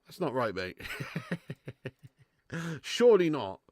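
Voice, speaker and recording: A man's voice: a little high, takes it slowly, no echo, studio quality. A man hosting a live football watch-along, bantering with chat and swearing freely. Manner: animated banter with swearing, reads and answers chat.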